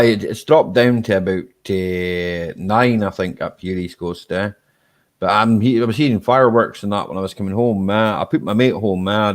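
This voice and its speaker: Easygoing Scottish man, lowish voice. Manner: relaxed and chatty, ends lines with "eh?"; laughs easily. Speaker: live-stream host. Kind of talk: casual live-stream chat reading viewer comments.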